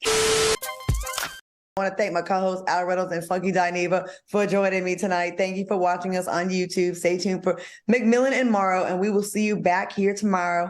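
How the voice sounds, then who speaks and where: A woman's voice: on the low side, very animated, normal speed. A woman hosting a talk show, bantering in a sassy, blunt and playful way with her co-hosts.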